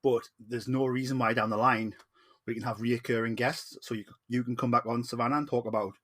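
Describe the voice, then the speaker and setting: A man's voice: medium pitch, steady tone, fairly quick, fairly bright tone. A man with a Geordie accent hosting a podcast, chatting enthusiastically with plenty of ums. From Newcastle, northeast England. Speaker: podcast host. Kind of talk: casual podcast chat. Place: home podcast setup in Newcastle.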